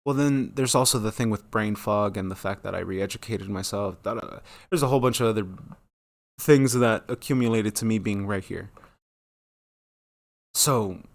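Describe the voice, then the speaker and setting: A man's voice: normal speed, gravelly. A man in his thirties talking casually and profanely on his own, rambling and losing his train of thought, and acting out quoted lines in a jumpy, rising voice. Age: 30s. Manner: acts out quoted dialogue with sudden high jumps in pitch. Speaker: solo talk channel host. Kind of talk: casual monologue.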